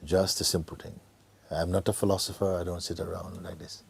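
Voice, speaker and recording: Soft-spoken low husky man teaching. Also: flat delivery. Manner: gentle, unhurried, often dropping to a near whisper; laughs easily, joyful and earnest. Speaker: spiritual teacher. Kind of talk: satsang talk to a gathering.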